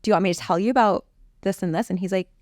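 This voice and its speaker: A middle-aged woman coach telling a personal story in an interview, animated and acting out quoted exchanges. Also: medium pitch, rapid-fire, dry recording, clean studio sound.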